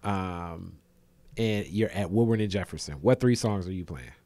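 A man's voice: low voice, moderate pace, dark tone, no echo. A man hosting a casual interview, chatty and playful, asking questions in an easy slangy way. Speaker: interview host.

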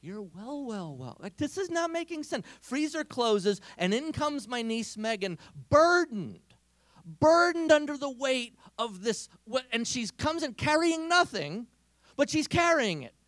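This is a man giving a comic storytelling talk to a youth audience. He is animated and slips into different voices for the people in his story. His voice is high and lively, and the recording is dry and close. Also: a little slow, no room sound. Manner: animated, acts out characters' voices. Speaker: speaker at a Catholic youth event.

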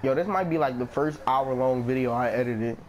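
A man's voice: medium pitch, fairly quick, a little mellow, a little hiss or hum. A man hosting a casual gaming session with friends, joking around and laughing a lot. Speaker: gaming channel host.

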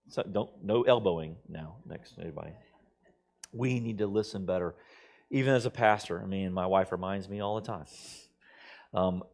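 A middle-aged man preaching a sermon as pastor, talking conversationally and telling stories, sometimes acting out other people's lines. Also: fairly low pitch. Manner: conversational storytelling, quoting others in shifting voices.

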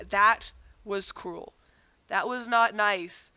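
A woman's voice: a little high, slow pace, sharp tone, clean tone, no echo. A young woman with a cold, rambling through casual gameplay commentary with self-mocking asides that keep sidetracking her. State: has a cold. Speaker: gaming channel host.

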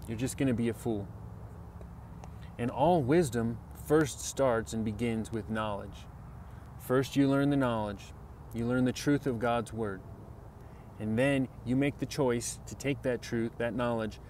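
A man's voice: medium pitch, darkish tone, a little hiss or hum. A man giving an earnest, conversational Bible lesson to camera, repeating himself and checking in with "right?" and "you know?". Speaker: Bible teacher. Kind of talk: casual video sermon.

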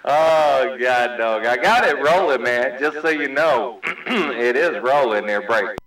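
A mid-pitched man runs a CB radio chat with friendly, joking banter and plenty of radio lingo. His voice sounds roomy and a little distant. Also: animated, slow, fairly bright tone. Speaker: CB radio host.

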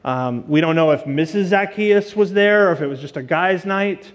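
Speaking at normal speed in a high voice, a man delivers a chatty, informal sermon as a guest teacher, sprinkling in asides and fillers. The church auditorium setting adds long reverb to the recording.

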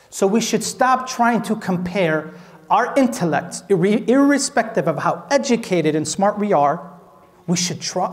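A man from Minnesota delivers an Islamic talk in a high-pitched voice. He speaks conversationally, peppering listeners with rhetorical questions and light jokes. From Minnesota, USA. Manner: asks the audience rhetorical questions, animated and joking. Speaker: sheikh giving a lecture.

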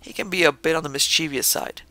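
A woman who has worked a hotel front desk for years, read by a male narrator, telling ghost stories in a plain, matter-of-fact way. The voice is gravelly and bright, dry and close to the mic. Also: on the high side, fast talker, no room sound.

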